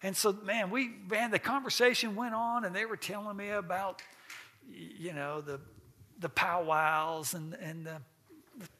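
A man's voice: high-pitched, steady tone, moderate pace, pushed and bright, slight background noise. A man teaching a church class in a folksy, interactive way, asking the group questions and laughing often.

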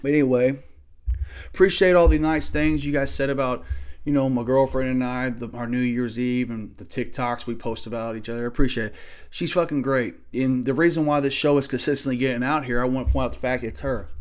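Alone on his podcast in a small home studio, a man rants angrily and with plenty of profanity about college sports. He swings between loud outbursts and low muttering, keeping a steady tone at a slightly fast clip.

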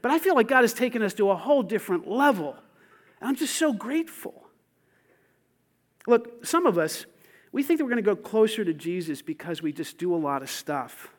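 A man preaching a sermon as pastor, swinging between loud calls and hushed asides. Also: high-pitched, animated, fast talker.

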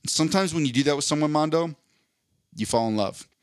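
A man's voice: fairly high pitch, quick pace, smooth, no echo, studio quality. A man co-hosting a podcast who tells a long story in casual, profane chat and acts out voices as he goes. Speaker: podcast co-host.

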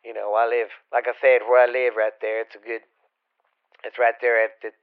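A man's voice: medium pitch, level tone, normal speed, clear, resonant tone. A man, a regular podcast guest, rambling in folksy, profane casual chat. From Louisiana, US. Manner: rambling, profane, folksy, calls listeners babies. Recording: dull lo-fi recording.

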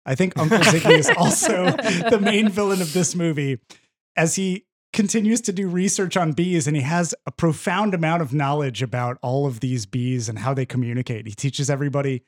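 A man's voice: on the high side, brisk. A man hosting a podcast, recapping a movie in casual chat, laughing often and acting out the characters' lines. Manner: animated, laughs often, acts out quoted lines. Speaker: podcast host. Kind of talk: casual chat, retelling a film plot.

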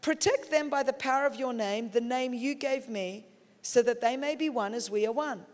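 Male pastor, very high register, emphatic sermon delivery, reverberant hall. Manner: emphatic, slows and rises for key phrases; puts on calm God voice and panicked church voice.

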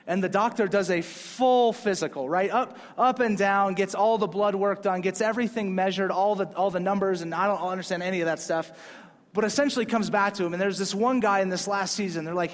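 A man's voice: sits high, steady tone, brisk. A man preaching a sermon in a casual, conversational way, pushing up hard on key points. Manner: casual, conversational preaching with rising emphatic peaks. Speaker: pastor. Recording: long hall reverb.

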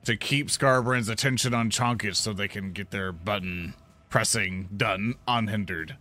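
A man's voice: lowish voice, a little slow, bright, forceful tone. A man playing a tabletop game, casually declaring his character's moves. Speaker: player.

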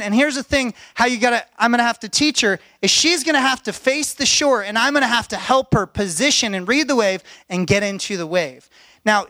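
A middle-aged man preaching to a congregation, telling a personal story in an animated way and shouting at its exciting moments. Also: very high-pitched, dry recording. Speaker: pastor. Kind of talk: sermon storytelling.

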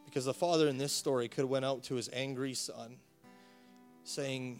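A man's voice: mid-range voice, moderate pace, soft background music. A male pastor preaching a sermon with rising passion, repeating words as he builds his point. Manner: impassioned, rising to emphatic preaching.

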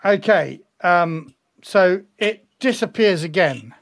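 A man's voice: sits high, expressive, slow pace, no room sound, studio quality. A man running a tabletop game as game master, hesitant, with many fillers and chuckles.

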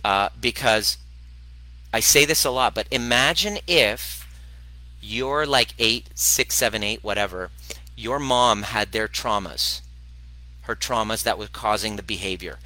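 A man's voice: fairly low pitch, unhurried, sharp tone, rough recording. A middle-aged man, a former chiropractor, talking straight to camera about parenting in a blunt, passionate way, swearing and laughing often. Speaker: former chiropractor turned wellness video host. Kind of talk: direct-to-camera talk answering a viewer question.

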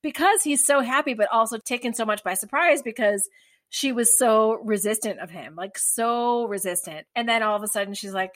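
A woman co-hosting a podcast, casually weighing up a drama series and sometimes speeding up when she gets excited. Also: a little high, brisk. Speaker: podcast co-host.

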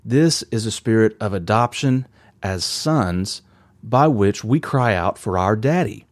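Earnest male preacher, low dry voice. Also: animated, a little slow, dry recording. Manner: earnest, conversational preaching with rhetorical questions. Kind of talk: sermon.

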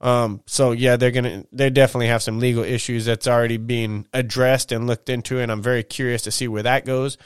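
A man's voice: mid-range voice, level tone, a little fast, hardly any pauses, clear, resonant tone, no echo, studio quality. A man hosting his own podcast, talking loosely in a casual solo monologue, swearing and dropping slang like "man" and "y'all" as he tells stories. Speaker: podcast host.

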